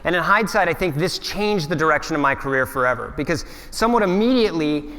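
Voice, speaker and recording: A man's voice: on the high side, animated, fast, bright, forceful tone. Earnest man telling his story in a hall. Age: 30s. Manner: earnest, reflective, with frequent restarts. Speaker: keynote speaker. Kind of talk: storytelling keynote talk. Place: large conference hall. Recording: hall reverb from a large venue.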